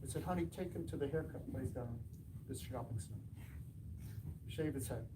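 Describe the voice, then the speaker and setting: A man who runs a martial arts school tells animated anecdotes to an audience, acting out the dialogue and laughing along. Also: medium pitch, moderate pace, distant mic, background noise. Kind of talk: storytelling talk to an audience.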